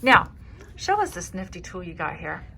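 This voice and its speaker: Woman, sewing show co-host, casual teasing chat, bouncy animated pitch. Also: moderate pace, vocal fry. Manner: playful, teasing, laughs often.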